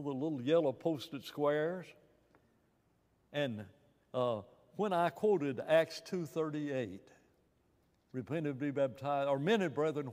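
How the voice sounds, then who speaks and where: A man's voice: mid-range voice, a little mellow, big-room sound. A man preaching in a church Bible class, emphatic, asking rhetorical questions and often restarting his phrases. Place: church room.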